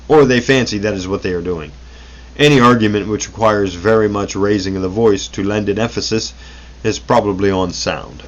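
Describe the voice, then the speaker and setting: A man's voice: on the low side, muffled recording. A man reading an old self-help booklet aloud, unrehearsed, stumbling over words and correcting himself as he goes.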